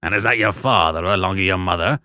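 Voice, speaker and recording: A man voicing a rough, hungry escaped convict who barks gruff threats in coarse rustic speech. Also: sits low, quick pace, bright, forceful tone, no room sound, clean studio sound. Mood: menacing. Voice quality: gruff, growling.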